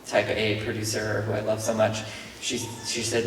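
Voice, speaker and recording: A man's voice: fairly low pitch, level tone, moderate pace. Rambling man on a panel, echoey hall. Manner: rambling, self-deprecating, chuckling as he talks. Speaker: actor answering fan questions on a panel. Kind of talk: convention panel Q&A. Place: large convention hall. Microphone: handheld mic, heard from a distance. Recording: echoey hall from far off, noisy.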